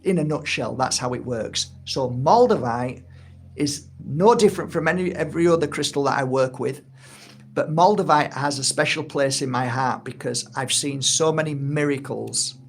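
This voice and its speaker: Gravelly middle-aged man, earnest. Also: mid-range voice, normal speed, slight background noise. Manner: earnest and heartfelt, acts out little quoted exchanges. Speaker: energy healing teacher and course founder. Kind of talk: casual spoken monologue to camera.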